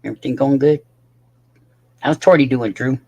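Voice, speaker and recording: A man's voice: medium pitch, fairly even intonation, normal speed, darkish tone, slightly rough. A tired man rambling casually to his livestream chat, swearing often and talking to viewers by name.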